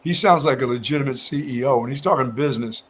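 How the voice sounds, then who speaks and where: In a radio studio, a man co-hosting a morning sports show tells stories in a relaxed, casual way, often restarting his sentences. His mid-range voice is fast and carries a breathy edge.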